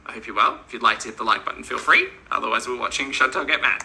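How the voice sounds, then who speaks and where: Bright-voiced Australian man streaming. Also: mid-range voice, fast, a little hiss or hum, rough recording. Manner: chummy, teasing, laughs often. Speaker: livestream host. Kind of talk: live reaction commentary.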